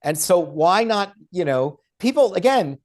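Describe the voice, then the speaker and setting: A high, sing-song male voice at a measured pace belongs to a podcast guest who is an author and law professor. He makes his case emphatically and argumentatively, throwing in mocking quoted voices.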